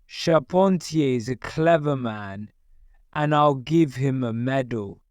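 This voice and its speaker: A man's voice: medium pitch, slow pace, clean tone, no echo, clean studio sound, close to an everyday voice. A man voicing a stern emperor giving clipped commands to his officers in a storybook.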